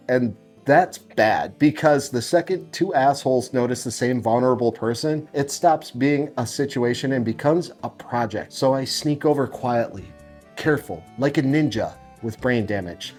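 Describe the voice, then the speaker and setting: A man telling a confessional story in a profane, sarcastic, self-mocking and animated way. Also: mid-range voice.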